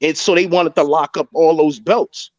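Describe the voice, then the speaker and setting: A boxing podcast panelist on a video call argues boxing in a heated but casual debate, insistently repeating his points. His voice is on the high side with fairly even intonation at normal speed, and the call audio is dry, dull and lo-fi.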